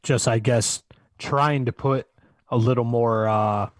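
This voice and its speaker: A man's voice: mid-range voice, steady tone, slow, no room sound. Laid-back podcast co-host, a man. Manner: laid-back, brief, reads from notes. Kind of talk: casual wrestling recap chat.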